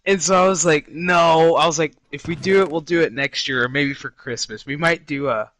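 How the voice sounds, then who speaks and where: A man's voice: on the high side, moderate pace, poor audio. A man co-hosting a gaming podcast in casual chat, telling stories with lots of swearing and quoting people in other voices. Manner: animated storyteller, swears freely, acts out quotes.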